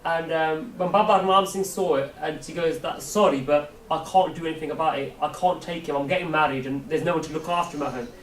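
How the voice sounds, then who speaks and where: A man's voice: a little high, steady tone, fast talker, few pauses. A man telling a story to a youth camp as a Sikh preacher, asking the audience questions and acting out voices. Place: large hall at a camp. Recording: echoey hall, mic far off, faint hiss.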